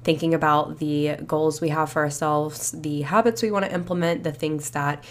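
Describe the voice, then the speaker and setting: A woman's voice: low-pitched, steady tone, normal speed. A young woman hosting a solo podcast, chatty and reflective, a bit stuffy and short of breath after a cold. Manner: chatty, reflective, many fillers like "you know" and "like". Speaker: podcast host. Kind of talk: casual solo podcast talk.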